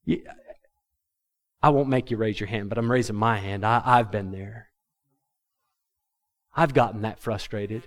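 A man preaching a sermon to his congregation, animated and humorous, acting out the words of biblical figures. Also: lowish voice, measured pace, long pauses. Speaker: pastor.

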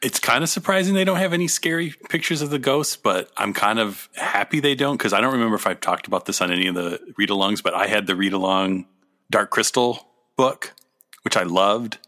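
A man's voice: fairly low pitch, fairly quick, bright, forceful tone. A man co-hosting a podcast in casual, enthusiastic chat, laughing often and saying "like" a lot. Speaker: podcast co-host.

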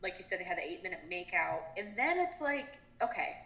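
A woman's voice: on the low side, big pitch swings, a little fast, a bit bright. A young woman co-hosting a casual podcast, chatty, full of fillers, swearing and acting out quotes. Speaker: podcast co-host. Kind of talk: casual chat recapping a reality show. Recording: roomy echo.

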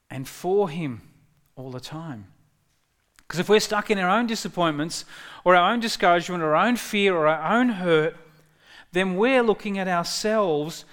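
A male pastor delivering a sermon in an easygoing, conversational way. His voice sits a little higher than most men's, and he breaks into excited, lifted tones when he quotes. He often restarts his phrases as he talks. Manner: conversational, animated when quoting God, halting restarts.

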